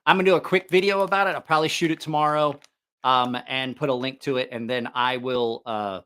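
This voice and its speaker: Middle-aged male livestream host, bright, crisp tone, casual and rambling. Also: medium pitch, fairly even intonation, fairly quick. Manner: rambling, with many fillers and restarts. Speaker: knife channel host.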